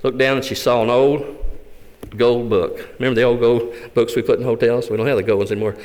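A man, a visiting Gideon speaker giving a fervent testimony sermon in a church. He tells the story with big swings between loud and hushed. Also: mid-range voice, steady tone, brisk. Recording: echoey hall.

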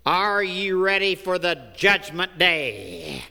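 A preacher doing an insistent street evangelist. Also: male voice, high voice, sing-song, takes it slowly, sharp tone, clear, resonant tone, voice pushed up, heavily acted. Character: eager traveling evangelist man, growing frustrated. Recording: echoey hall.

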